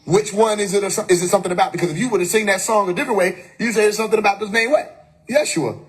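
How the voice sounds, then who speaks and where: Husky high-voiced man preaching emphatically. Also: quick pace, fairly bright tone. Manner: preachy, emphatic, rhetorical questions, profane. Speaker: live stream host. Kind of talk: spiritual teaching monologue. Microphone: phone.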